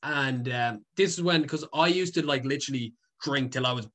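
A man's voice: medium pitch, normal speed, pushed and bright. Rambling young man. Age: young adult. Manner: rambling, heavy with fillers and swearing, laughs often. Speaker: guest, content creator. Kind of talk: casual storytelling.

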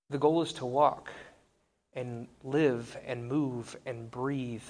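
A man in his thirties giving a conversational sermon, wry and self-deprecating. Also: medium pitch. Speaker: pastor.

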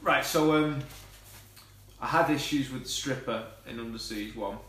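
A man's voice: medium pitch, normal speed, a bit bright, slight background noise. A man hosts a casual movie chat, swearing, laughing and ranting. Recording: roomy, far from the mic.

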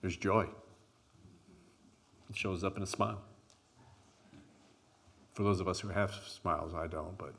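Deep-voiced man leading a group exercise. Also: fairly even intonation, creaky, fairly bright tone, husky. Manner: deliberate, emphatic, with weighted pauses; says he is an introvert. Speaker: group workshop leader.

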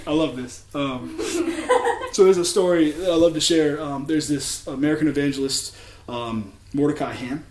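A man with a voice on the high side speaks at normal speed in a reverberant setting, recounting a story in a casual sermon. The preacher is chatty and filler-heavy, full of likes and ums, and often restarts.

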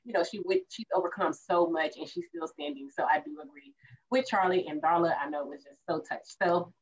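A woman co-host recaps an episode in casual podcast chat, acting out the characters' lines as she goes. Her pitch swings widely and stays lively. The recording sounds dull and lo-fi. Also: brisk, vocal fry. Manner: animated, acts out characters' lines.

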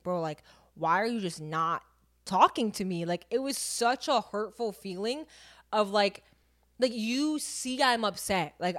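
Young woman, podcast co-host, chatty candid storyteller, mid-pitched voice. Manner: chatty, filler-heavy, vivid storytelling. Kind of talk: candid casual chat.

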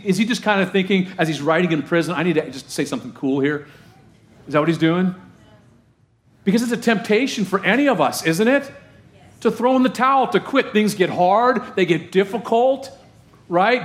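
A middle-aged male pastor preaching a sermon in a conversational way, often asking the congregation questions. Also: high voice.

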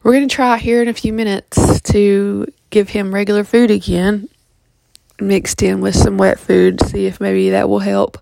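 A sleepy woman gives a casual update from home, her speech halting and full of ums and restarts. Her voice is gravelly and fairly flat in tone. The recording is close and dry. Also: mid-range voice, no room sound. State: just woke up, yawning. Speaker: vlogger giving a pet health update.

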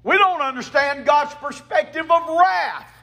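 Man, pastor, sermon, slow deliberate delivery, high pitch. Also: vocal fry, sharp tone. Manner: emphatic preaching with call-and-response.

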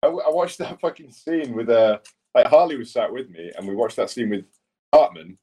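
A man's voice: medium pitch, expressive, fairly quick, warm tone, breathy edge. A man co-hosting a podcast, rambling through sweary stories in casual chat. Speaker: podcast co-host.

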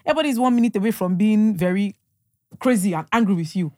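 She's a young Nigerian woman, talking fast in a medium, slightly mellow voice as she chats on a podcast. With a Nigerian accent, she tells animated stories, acts out lines of dialogue and laughs often, all in clean, dry studio sound.

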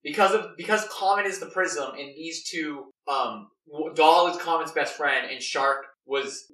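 A young man brainstorms a story out loud. He rambles with plenty of fillers and eager restarts. His voice is bright, and the mic sits far off in an echoing room. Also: on the high side, measured pace. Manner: rambling, filler-heavy, animated. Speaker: story co-writer. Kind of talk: casual brainstorming chat. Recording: roomy, distant mic.

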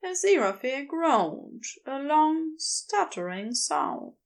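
A woman narrating a story in a lively, expressive voice that rises and falls a lot. She sits fairly high and takes her time over the words. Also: slow pace. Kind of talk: scripted narration.

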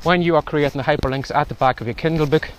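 A man's voice: a little high, fairly even intonation, quick pace. A man hosting a casual walking vlog outdoors in the wind, slightly out of breath as he gives chatty advice. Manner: chatty, advisory. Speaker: podcast host. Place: outdoors in strong wind and rain.

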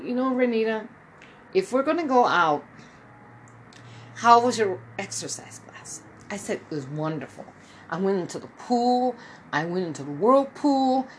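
In this slightly noisy, low-quality recording, a woman in her fifties rambles through a casual personal story. She acts out the people she quotes, shifting her pitch for each.

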